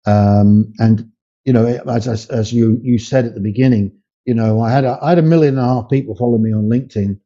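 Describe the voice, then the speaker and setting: A man's voice: fairly quick, warm tone. An older man talking as a podcast guest, emphatic, his voice climbing when he makes a point. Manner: emphatic, rising in pitch when making a point. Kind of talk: conversational interview. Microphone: video call. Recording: muffled lo-fi remote call audio.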